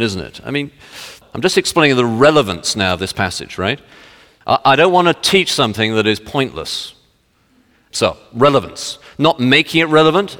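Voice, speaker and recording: A man preaching a sermon, reading scripture slowly and solemnly, then talking in a chatty way with many fillers. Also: fairly low pitch, a bit bright. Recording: long hall reverb.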